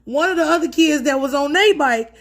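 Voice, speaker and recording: Storyteller: high-pitched woman, slangy and profane, animated casual vlog delivery. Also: fairly quick, no echo.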